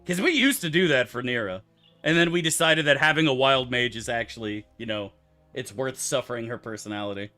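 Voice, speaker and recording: A man's voice: mid-range voice, lively intonation, fairly quick, bright, forceful tone, soft background music. A man streaming a game, answering his chat in loose, profane, rambling banter. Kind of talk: casual livestream chat, answering chat.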